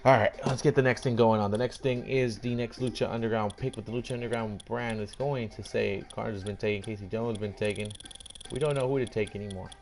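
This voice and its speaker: Playfully acting out the teams' reactions, a young gaming commentator calls a video game draft, speaking fast in a voice on the low side. He's animated and casual, swearing here and there and putting on voices to quote brands.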